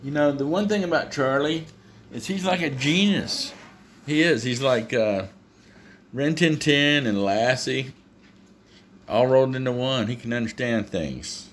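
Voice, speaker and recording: A man telling casual stories to the camera at home about his dog, animated and chuckling as he goes. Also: medium pitch, unhurried, a little hiss or hum. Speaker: dog owner.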